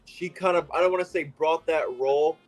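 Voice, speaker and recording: A man's voice: a little high, steady tone, fairly quick, faint music behind, poor audio. A man co-hosting a live watch-along in a loose, easygoing way, filling his talk with "like".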